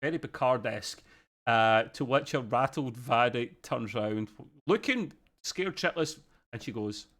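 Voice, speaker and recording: Podcast co-host, middle-aged male, chatty and casual, mid-pitched voice, says "bloody" and "mate". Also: lively intonation, unhurried, a bit bright. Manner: chatty, uses British slang like "bloody" and "mate". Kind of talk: casual review chat.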